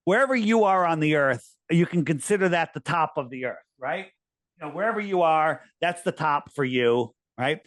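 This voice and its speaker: A man in a casual interview who talks in an animated, persuasive way and often restarts his sentences. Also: fairly high pitch, moderate pace, no room sound. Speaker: interviewee, flat-earth promoter.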